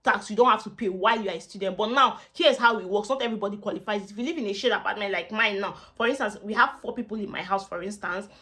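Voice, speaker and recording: A woman's voice: medium pitch, fast, hardly any pauses, sharp tone. A young woman with a Nigerian accent giving casual advice to students in a vlog. She talks in a chatty way, repeats herself often and slips into pidgin asides. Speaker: student vlogger.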